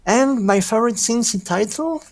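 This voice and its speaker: A man's voice: very high voice, expressive, moderate pace. A man on an online roundtable who talks with eager enthusiasm. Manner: enthusiastic, gushing. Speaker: roundtable panelist. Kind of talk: casual online chat.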